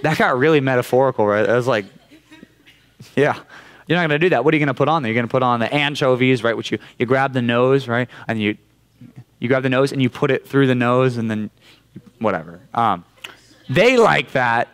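A man's voice: medium pitch, fast, clear, resonant tone. A young man with a Californian accent preaching a casual sermon to a youth group, conversational and often checking in with "right?". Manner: conversational, keeps asking "right?". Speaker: youth pastor. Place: church youth room.

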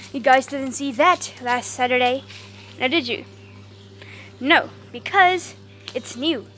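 Slow, high-voiced woman vlogging. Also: fairly bright tone, a little hiss or hum. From South Africa. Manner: rambling and chatty, cooing at her dogs. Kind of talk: casual vlog chat. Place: outdoors in a garden.

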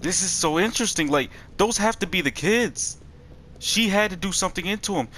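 Young man, profane and excitable gaming commentator, fairly high voice with faint background noise. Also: a little fast. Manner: excitable, profane, yelps and shouts when startled; talks to the viewers. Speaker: gaming streamer. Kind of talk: let's play commentary.

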